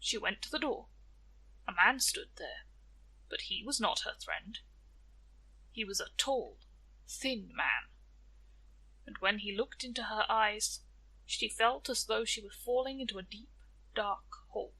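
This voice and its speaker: A woman narrating a folktale as a storyteller, in a gentle, deliberate way. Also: mid-range voice, lively intonation, breathy edge, low-quality recording.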